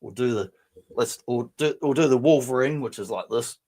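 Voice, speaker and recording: A man's voice: mid-range voice, normal speed, warm tone. A man from New Zealand hosting a casual livestream chat, rambling, chatty, laughing often and swearing freely. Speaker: livestream host.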